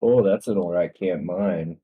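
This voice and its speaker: A young man co-hosting a casual gaming podcast, playful and jokey, sometimes bursting into loud mock voices. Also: low voice, a little slow, narrow, tinny audio, heavy background noise. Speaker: podcast co-host. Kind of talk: casual chat while gaming.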